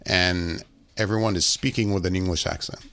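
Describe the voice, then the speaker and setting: A man's voice: sits low, fairly even intonation, fairly quick, a bit bright, smooth. A man co-hosting a podcast, chatting casually and laughing through his points. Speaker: podcast co-host. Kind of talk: casual chat.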